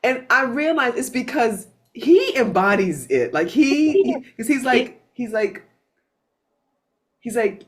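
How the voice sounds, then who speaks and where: A woman hosting a spiritual gathering, telling stories in a casual, animated way, with frequent restarts and some swearing. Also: fairly high pitch, slow pace. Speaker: satsang host.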